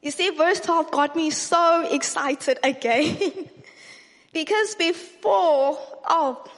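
A woman preaching a sermon, earnest and excited, repeating key phrases for emphasis. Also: high-pitched, big-room sound. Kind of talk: sermon teaching.

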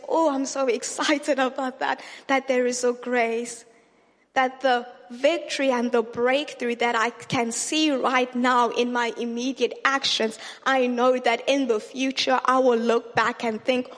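A woman preaching a sermon, earnest and excited, repeating key phrases for emphasis. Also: a little high, measured pace, in a large hall. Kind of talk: sermon teaching.

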